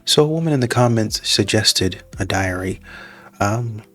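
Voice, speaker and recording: Brief: male reaction host, slightly low voice, blunt and wry. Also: lively intonation, unhurried, a bit bright, soft background music. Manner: blunt, wry, acts out both sides. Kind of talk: commentary on clips.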